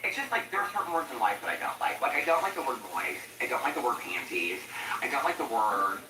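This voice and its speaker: A man's voice: medium pitch, sing-song, quick pace, sharp tone, a little hiss or hum. A tired man chatting casually and laughing a lot, wandering from story to story while he cooks in his kitchen. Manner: chatty, laughing often, goes off on tangents. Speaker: commentary YouTuber. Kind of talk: rambling casual vlog chat while cooking. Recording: roomy echo, mic at a distance.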